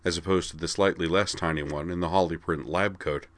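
Deep-voiced man reading a story. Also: steady tone, fairly quick, fairly bright tone, dry recording. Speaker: narrator.

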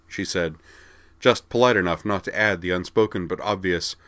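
A man with a low, deep voice narrates a story in a steady, storytelling manner. The recording is close and dry, with no room sound at all. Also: moderate pace, no echo. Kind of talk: reading a story aloud.

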